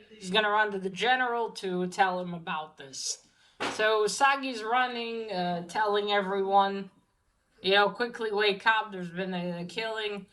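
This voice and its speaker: A woman's voice: mid-range voice, fairly bright tone, poor audio. A woman giving a casual, chatty comic book review, talking with many fillers and restarts.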